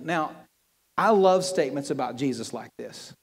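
A man preaching a sermon to a congregation, animated and joking, often repeating his words. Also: mid-range voice, normal speed, slightly rough. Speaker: pastor. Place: church hall with audience. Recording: long hall reverb.

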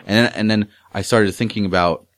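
A man telling a crude story in casual chat, swearing a lot and acting out quotes loudly. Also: fairly low pitch, steady tone, brisk, no echo, studio quality.

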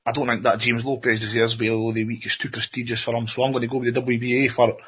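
A Scottish man talks fast, teasing and egging on a friend in easy banter. His voice is bright and a bit husky. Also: medium pitch, flat delivery. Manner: teasing, eggs others on. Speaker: podcast co-host. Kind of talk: casual chat.

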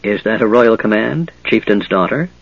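A young tribal warrior speaks softly and teasingly, as a man reads him, his pitch lifted slightly. Audiobook dialogue with dull, dry sound. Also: expressive, moderate pace, vocal fry, no room sound. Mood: tender. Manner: soft, teasing. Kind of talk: audiobook character voice.

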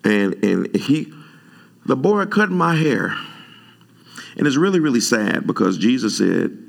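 A man preaching a sermon, animated and conversational, jumping high in pitch when he retells his own words. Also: a little slow, vocal fry. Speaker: pastor.

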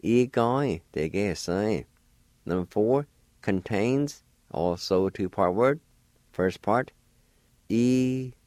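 Male radio host teaching vocabulary, slow and deliberate, lower voice, dry close sound. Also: expressive, a little mellow, dry recording. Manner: slow, careful syllable-by-syllable pronunciation; encouraging. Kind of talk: radio language lesson.

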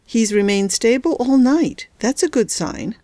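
A woman's voice: fairly high pitch, expressive, unhurried, warm tone, no room sound, clean studio sound, pitched above the performer's own voice. A woman voicing a firm, disapproving hospital nurse in an audiobook, her voice raised a little above her narrating voice. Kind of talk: audiobook character voice.

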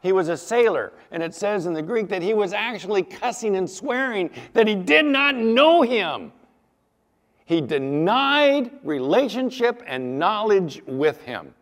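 A man's voice: sits high, lively intonation, moderate pace, few pauses, big-room sound. A male pastor preaching a sermon with emphatic, dramatic storytelling.

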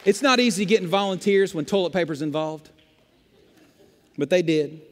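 A male pastor with a notably high voice delivers an emphatic sermon, driving points home with rhetorical questions and repetition. His voice rings out with a long reverb from a large church sanctuary. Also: normal speed, a faint crowd, a little hiss or hum.

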